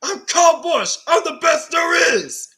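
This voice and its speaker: A man putting on a brash, shouting impression of a cocky male race car driver. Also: very high-pitched, sing-song, unhurried, pitched above the performer's own voice, heavily acted. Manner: yelling brash boasts.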